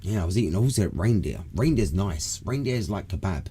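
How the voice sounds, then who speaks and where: A man's voice: low-pitched, lively intonation, brisk, dark tone, a little hiss or hum. A British man co-hosting a podcast in casual, rambling chat, laid-back and swearing freely. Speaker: podcast co-host. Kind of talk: casual chat on a live smoke session.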